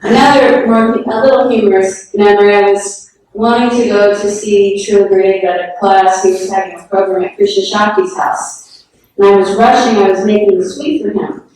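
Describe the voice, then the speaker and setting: A woman's voice: mid-range voice, fairly even intonation, moderate pace, a little mellow. A woman telling personal anecdotes at a memorial gathering in a frank, self-deprecating way, often laughing. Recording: echoey hall from far off.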